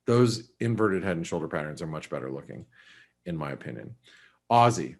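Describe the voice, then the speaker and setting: A man with a very deep, low voice hosts a live market webinar. He talks casually through chart levels, thinks out loud, and keeps stopping to correct himself. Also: lively intonation, a little fast. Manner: conversational, thinking aloud with restarts and asides. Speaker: forex market analyst. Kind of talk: live trading webinar commentary.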